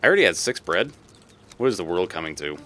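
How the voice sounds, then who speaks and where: A man's voice: low-pitched, very animated, quick pace, pushed and bright. A man from Massachusetts chatting casually on a live stream while gaming, rambling, laughing and swearing freely.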